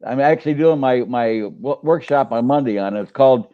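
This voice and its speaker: A man's voice: mid-range voice, fairly quick, dark tone, lo-fi sound. An older man who works as a coach, chatting on a live stream in a rambling way with many restarts. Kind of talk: casual live-stream chat.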